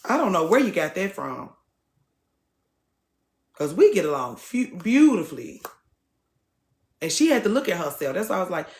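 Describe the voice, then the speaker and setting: A woman's voice: mid-range voice, very animated, measured pace, long pauses, roomy sound. A woman hosting a TikTok live, talking casually to her viewers in a blunt, preachy way and swearing freely.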